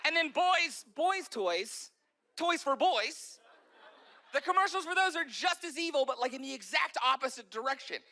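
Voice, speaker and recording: A male stand-up comedian telling jokes in an animated way, often acting out voices. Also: extremely high pitch, moderate pace, some chatter behind.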